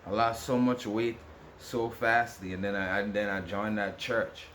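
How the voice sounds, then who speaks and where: A man's voice: lowish voice, fairly even intonation, measured pace, a bit bright, a little hiss or hum. A man vlogging to camera in a rambling, repetitive, aggrieved rant with many restarts. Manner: ranting, aggrieved. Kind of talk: casual monologue to camera.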